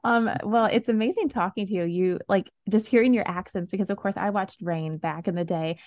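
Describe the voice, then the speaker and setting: A woman hosts a casual podcast chat, bubbly and quick to giggle, her questions full of "like" and "um". Her mid-range voice is recorded dry and close with no room sound. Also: medium pitch, darkish tone, dry recording, dull audio. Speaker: podcast host.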